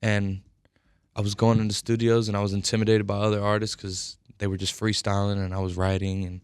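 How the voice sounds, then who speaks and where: A man's voice: lowish voice, flat delivery, fairly quick, a little mellow, clean tone, dry recording, clean studio sound. A young man in his twenties answering interview questions thoughtfully and earnestly, with many fillers. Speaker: rapper, interview guest. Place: radio studio.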